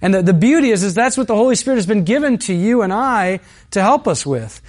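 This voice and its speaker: Man, pastor, fairly high-pitched voice, earnest, conversational sermon, builds to emphatic peaks. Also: animated, fast.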